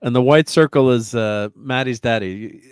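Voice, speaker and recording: A man's voice: medium pitch, normal speed, darkish tone, clear, resonant tone, no room sound, studio quality. A man co-hosting a livestream over a video call, reading the chat with short laid-back replies and easy laughs.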